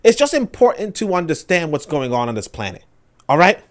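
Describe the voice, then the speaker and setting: A young man hosting a book-reading show, giving animated casual commentary, full of restarts and mocking acted-out voices. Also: on the high side, a little fast. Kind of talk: casual commentary on read passages.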